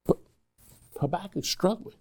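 A man's voice: a little slow, a little mellow. A man preaching a sermon in a conversational way, acting out dialogue between people and God. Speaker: pastor.

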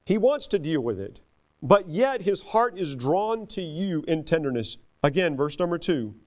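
Middle-aged preacher guy, high voice, earnest, goes soft and slow then loud and punchy. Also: sing-song. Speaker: pastor. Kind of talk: sermon.

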